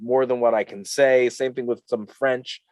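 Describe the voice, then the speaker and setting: A man's voice: medium pitch, fairly even intonation, moderate pace, dry recording. A man co-hosting a podcast in loose, rambling, profane chat with plenty of fillers. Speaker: podcast co-host. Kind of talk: casual chat. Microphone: studio mic.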